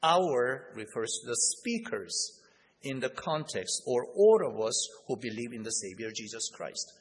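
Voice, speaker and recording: A man preaching an expository Bible lesson, slow and deliberate, leaning hard on key words. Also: medium pitch, sing-song, husky, big-room sound, low-quality recording.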